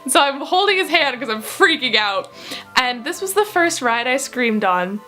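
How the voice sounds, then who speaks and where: A young woman telling a story in her vlog, excitable and giggly, quoting other people as she goes. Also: high-pitched, normal speed, faint music behind. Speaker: vlogger.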